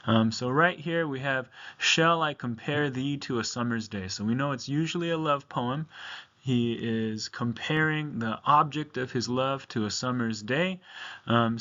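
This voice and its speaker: A man's voice: mid-range voice, pushed and bright, muffled recording. A male teacher giving a recorded video lesson to his class, talking casually with frequent ums and okays.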